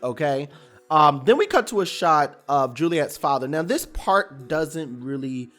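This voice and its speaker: A man casually recapping a TV episode, animated and colloquial, rambling with restarts. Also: on the high side, a little slow, soft background music.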